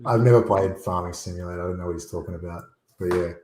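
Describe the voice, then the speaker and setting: Deep-voiced blunt man, roomy sound. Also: rapid-fire, a little mellow, slight background noise. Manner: emphatic, rambling, blunt. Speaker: guest. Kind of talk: casual livestream chat. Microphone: USB desktop microphone.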